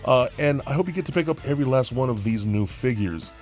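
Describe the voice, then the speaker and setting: A man reviewing action figures with excited, gushing enthusiasm, stumbling over fillers and restarts. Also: mid-range voice, fast, soft background music. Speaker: toy reviewer.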